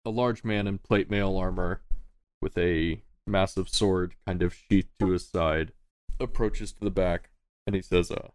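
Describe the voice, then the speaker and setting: A man's voice: low-pitched, steady tone, measured pace, a little mellow, clear, resonant tone, no echo. A man narrating a tabletop game as game master, casual and laughing often, swearing freely.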